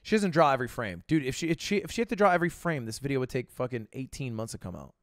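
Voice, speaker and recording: In a dry, studio-quality recording, a man in his twenties streams his reaction to a video at a racing pace. His mid-range voice is very animated, and his rambling, casual commentary is full of laughs and filler words.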